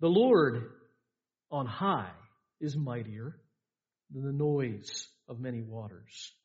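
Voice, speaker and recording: A man preaching a sermon, emphatic, with repeated lines and dramatic pauses. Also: mid-range voice, expressive, lo-fi sound. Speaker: pastor. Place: church sanctuary.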